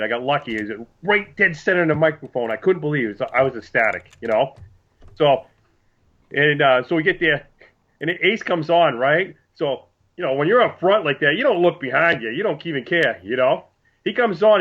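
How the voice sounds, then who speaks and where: Casual podcast co-host, male, slightly high voice, muffled lo-fi audio, lively anecdote teller. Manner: animated storyteller, acts out quotes. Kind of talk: casual chat. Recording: dull lo-fi sound.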